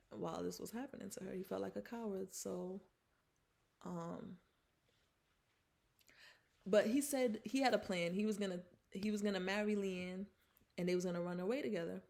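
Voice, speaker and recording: A woman's voice: mid-range voice, fairly even intonation, normal speed, creaky, pauses often, a little mellow. A woman retelling a film's plot in a casual vlog, chatty, with fillers and restarts, acting out the characters' lines. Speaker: film reviewer. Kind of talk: casual film recap vlog.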